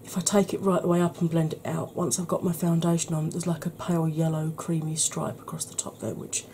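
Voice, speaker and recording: A woman with a slightly husky voice, giving a soft-spoken ASMR makeup tutorial in a chatty, explanatory way. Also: low voice, a little fast, a little hiss or hum.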